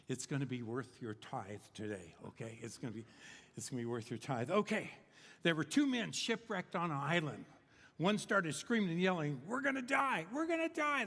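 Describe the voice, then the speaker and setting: An older man preaching in a church, telling jokes in a loose, rambling way full of restarts and fillers. His voice sits a little high for a man. A long hall reverb trails his words. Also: a bit bright. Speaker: guest preacher. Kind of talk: humorous sermon storytelling. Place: church sanctuary.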